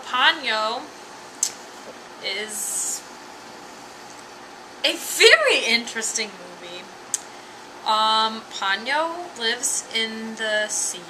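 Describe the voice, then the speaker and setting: A woman's voice: fairly high pitch, noisy background. A tipsy woman giving a rambling, giggly, profane comic review. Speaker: anime reviewer.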